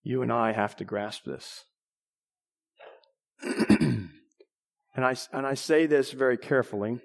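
A man preaching a sermon in a conversational way, restarting phrases and clearing his throat now and then. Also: medium pitch, slow.

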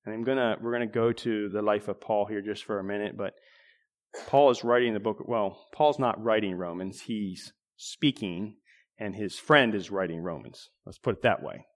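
A man preaching a sermon in a conversational way, restarting phrases and clearing his throat now and then. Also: on the low side, moderate pace.

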